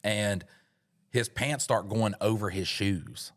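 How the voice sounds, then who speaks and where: A podcast co-host with a lowish voice takes his time telling a rambling comic story packed with swearing. His delivery is animated and profane, and the talk is comedic storytelling.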